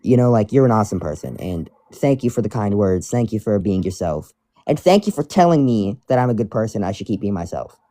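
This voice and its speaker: A man's voice: on the low side, animated, a little fast, warm tone, no echo. A man chatting casually while reading fan mail aloud, rambling and restarting his sentences. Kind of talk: casual chat.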